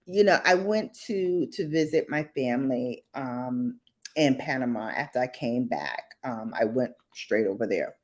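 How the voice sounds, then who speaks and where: A woman's voice: rumbling low, unhurried. A young woman with a Brooklyn accent, chatting as a podcast host and acting out her relatives as she tells stories. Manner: animated storyteller, acts out relatives in voices. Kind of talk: casual chat.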